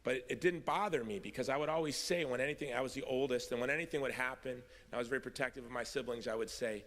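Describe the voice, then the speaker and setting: A middle-aged man tells his own story at a convention podium, wry at times and earnest at others. His voice is bright and forceful. It rings with the long reverb of a big hall. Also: medium pitch, fast talker, hardly any pauses. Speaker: convention speaker. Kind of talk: personal testimony speech. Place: large hall.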